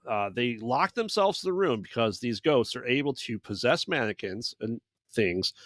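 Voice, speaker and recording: A man's voice: mid-range voice, dry recording. Rambling male podcast host, dry close mic. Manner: rambling recap, acts out characters' lines. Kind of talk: casual movie recap chat.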